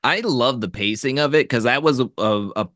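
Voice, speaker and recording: A man in casual podcast chat, animated and laughing often as he talks about movies. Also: mid-range voice, normal speed, dry recording, studio quality. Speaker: podcast co-host.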